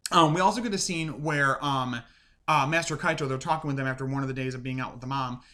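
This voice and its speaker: A man reviewing and recapping a TV episode in a casual, rambling way, full of fillers and animated retellings. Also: medium pitch, quick pace. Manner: chatty, rambling with many "like" and "um" fillers; animated, acts out quoted lines. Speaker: show reviewer.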